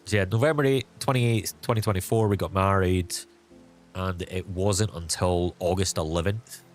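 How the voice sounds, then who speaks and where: A man's voice: low voice, steady tone, moderate pace, faint music behind. A young man streamer telling a personal story in a casual, rambling way, full of "like" and "um". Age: young adult.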